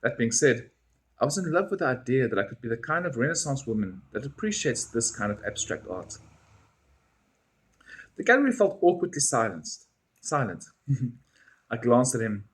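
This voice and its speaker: A man reading a first-person story aloud in an expressive way. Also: medium pitch, moderate pace, long pauses, slightly rough. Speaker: reader.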